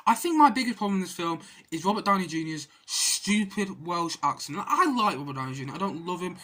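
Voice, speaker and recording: A woman's voice: medium pitch, lively intonation, brisk, a bit bright. A woman giving a casual spoken film review, ranting in an exasperated, rambling way with frequent restarts and repeated words.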